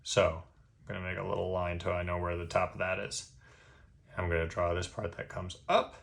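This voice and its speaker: A man with a fairly low voice walks the viewer through a drawing tutorial one line at a time. He stays patient and relaxed, often pausing to ask "okay?" before moving on. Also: gravelly. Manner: patient, checks in with "okay?" after each step. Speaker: drawing instructor.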